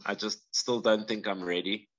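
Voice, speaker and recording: A man's voice: fairly low pitch, fairly even intonation, normal speed, fairly bright tone, no room sound, lo-fi sound. A man with a South African accent, a guest on a video-call interview, talking casually and self-deprecatingly with many fillers. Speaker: knifemaker guest.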